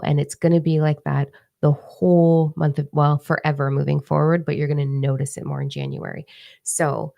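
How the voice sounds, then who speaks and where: Low, gravelly woman in candid chat. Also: warm tone. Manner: candid, swears freely, acts out her own reactions. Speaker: host of a spiritual live chat. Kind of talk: casual live-stream chat. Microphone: microphone in front of her face.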